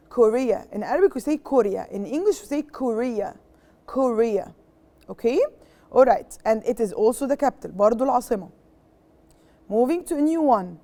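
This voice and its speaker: A woman's voice: on the high side, mellow. Egyptian woman teaching English to children. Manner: patient, repeats words and checks understanding; switches between English and Arabic explanations. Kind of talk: classroom lesson to young pupils.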